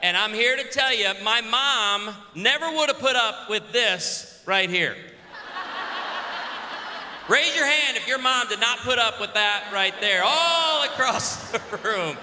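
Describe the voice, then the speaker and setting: High, bright-voiced man preaching in a hall. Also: unhurried, background noise. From Illinois. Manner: joking, punchy, calls out to the audience. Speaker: pastor speaking at a women's conference. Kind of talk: humorous conference sermon. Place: large convention hall. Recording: echoey convention hall with faint ambience.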